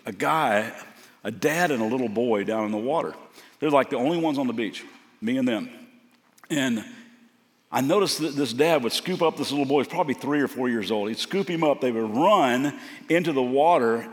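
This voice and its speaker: Man preaching in a reverberant hall. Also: medium pitch. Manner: storytelling, conversational and earnest. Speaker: guest preacher. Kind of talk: sermon.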